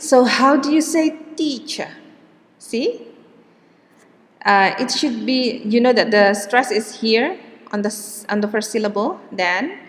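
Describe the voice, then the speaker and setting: A woman teaching English pronunciation in a slow lecture, with many "okay" and "yeah" check-ins. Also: a little high. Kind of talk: classroom lecture. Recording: long hall reverb.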